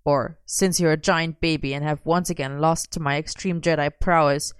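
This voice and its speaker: A woman's voice: low voice, fairly even intonation, moderate pace, clean tone, dry recording, studio quality, lightly acted. A woman reading aloud, voicing a smug, bossy young man who teases his friend. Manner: bossy, commanding.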